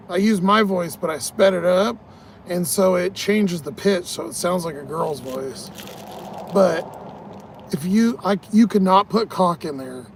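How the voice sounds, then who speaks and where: A man's voice: high-pitched, vocal fry, a little hiss or hum. A tired man vlogging in a casual, rambling way, swearing often and laughing at his own stories. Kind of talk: casual rambling vlog talk.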